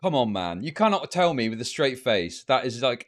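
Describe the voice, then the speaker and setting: Animated, heated male streamer ranting. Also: medium pitch, normal speed. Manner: heated, profane ranting at chat. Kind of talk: livestream commentary.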